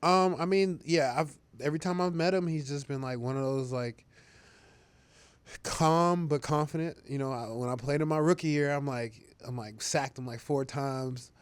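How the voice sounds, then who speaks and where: A man's voice: fairly high pitch, moderate pace, clear, resonant tone, no echo. A young man, a football player, talking casually in an interview, rambling with fillers and restarts and laughing easily.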